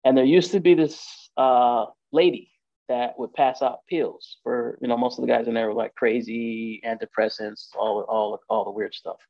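Man, mid-pitched, candid storyteller who acts out the dialogue; dry, slightly muffled sound. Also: moderate pace, no echo. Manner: emotional, candid, animated retelling with quoted dialogue. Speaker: guest telling his story. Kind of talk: casual storytelling on a podcast.

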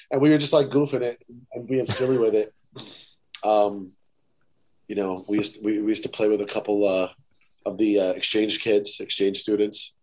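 A man telling a story in a casual chat, animated and laughing often, quoting people. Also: lowish voice. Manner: animated, laughing, quotes people in put-on voices. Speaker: podcast guest.

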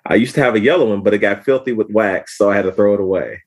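Deadpan man, low voice. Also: quick pace, husky. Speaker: panelist. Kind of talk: reading aloud, casual chat.

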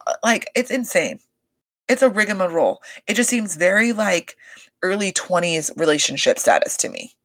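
Speaking at medium pitch and a moderate pace, a woman gossips her way through a reality show recap on her podcast. The desk-mic recording has no echo, and her animated, profane delivery is packed with "like" and "you guys."

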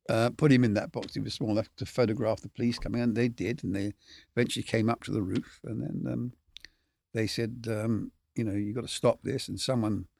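A man's voice: on the low side, creaky, a little mellow, dry recording, clean studio sound. An older man, a film cameraman telling rambling, candid stories as a guest. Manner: rambling, candid, swears casually, chuckles. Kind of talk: anecdotal storytelling.

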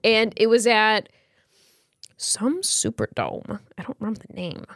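A chatty woman tells a story in a loose, slangy podcast chat, full of fillers. Her voice sits a little high, and the sound is close and dry. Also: big pitch swings, unhurried, fairly bright tone, dry recording. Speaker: podcast co-host. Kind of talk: casual chat.

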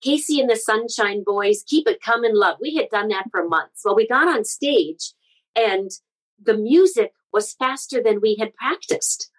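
A middle-aged woman from the Midwest, a guest speaker sharing personal stories in an interview, earnest and animated. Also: a little high, a little slow, poor audio. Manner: earnest, animated storyteller with frequent restarts. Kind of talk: conversational interview storytelling.

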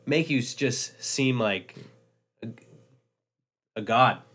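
A man's voice: medium pitch, slow pace, fairly bright tone. Give me a laid-back young man telling stories as a podcast co-host. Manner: storytelling, swearing, laid-back. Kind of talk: casual podcast chat.

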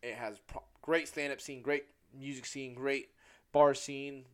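A man's voice: mid-range voice, level tone, measured pace, a bit bright, clean tone. A young man from Southern California hosting a casual solo podcast, rambling, joking at his own expense and swearing freely. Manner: loses track and corrects himself mid-sentence. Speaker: podcast host.

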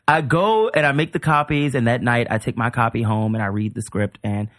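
A male comedian, a podcast guest, telling an animated, rambling story in casual chat. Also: mid-range voice, fairly quick, no echo, studio quality.

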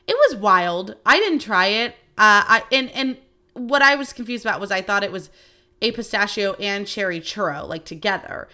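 Bright-voiced woman telling stories, swearing freely. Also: medium pitch, moderate pace. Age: around 30. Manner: animated, swearing freely, chatty. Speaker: podcast host. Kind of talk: casual storytelling chat.

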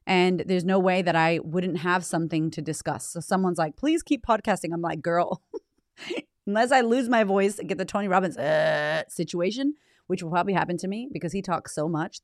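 Low-voiced, swearing motivational host. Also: female voice, a little mellow, dry recording, clean studio sound. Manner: emphatic, swears freely, direct address to listener. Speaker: podcast host and women's coach. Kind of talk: motivational podcast monologue.

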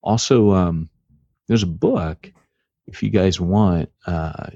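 A man's voice: deep voice, slow pace, creaky, mellow, no room sound. A man co-hosting a podcast in casual, rambling chat with lots of filler words, on dull lo-fi audio. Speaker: podcast co-host.

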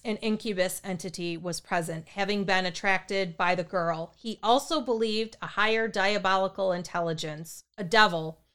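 A woman's voice: medium pitch, fairly bright tone, clear, resonant tone. A woman narrating a true paranormal story in a matter-of-fact way.

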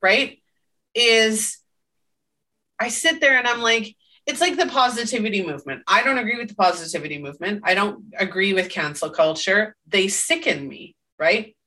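Woman co-host, bright and emphatic, casual podcast talk, recorded a bit off-mic. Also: mid-range voice, moderate pace, recorded from a distance. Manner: emphatic, tags statements with "right?".

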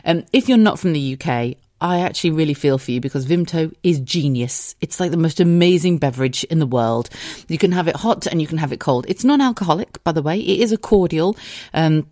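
A woman in her thirties from the UK, hosts a casual solo podcast from her bedroom. Her voice sits low, and the recording is dry and close, with no room sound. She talks openly and emotionally, laughing often and swearing freely. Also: expressive, brisk, warm tone, dry recording. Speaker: podcast host. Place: bedroom at home.

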